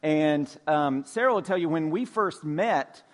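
A man's voice: fairly high pitch, lively intonation, measured pace. A man in his forties from Georgia, preaching a sermon as a pastor in a loose, conversational way with a light Southern accent. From Georgia, USA. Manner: conversational, folksy, with filler words and restarts. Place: church sanctuary.

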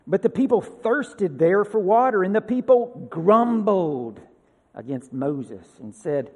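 High-voiced man preaching in an echoing hall. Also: lively intonation, unhurried. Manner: reads scripture with rising emphasis, then talks casually. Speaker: pastor. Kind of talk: sermon reading and explaining scripture. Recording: reverberant hall.

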